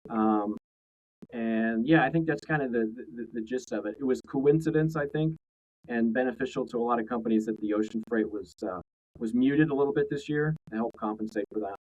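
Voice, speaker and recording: A man's voice: medium pitch, a little fast, a little mellow, rough recording. A man co-hosting a casual trade podcast, talking in a rambling way full of restarts. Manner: rambling, many fillers and restarts. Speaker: co-host.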